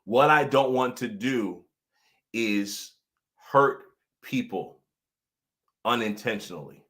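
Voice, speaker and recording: A man hosting a casual motivational livestream as pastor and coach, animated, often laughing and repeating his points for emphasis. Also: mid-range voice, slow pace.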